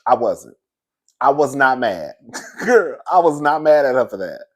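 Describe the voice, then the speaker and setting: Male gossip host, middle pitch, loose chatty delivery, laughs constantly. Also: big pitch swings, unhurried. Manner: chatty, laughing often, calls listeners girl and baby. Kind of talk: casual gossip commentary.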